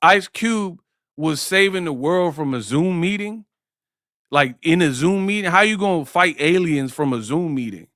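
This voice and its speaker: A man's voice: a little high, a little slow, pauses often, a bit bright, no echo, studio quality. A man hosting a live-stream sports talk show. He speaks in slang, jokes, and keeps breaking into impressions. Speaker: host.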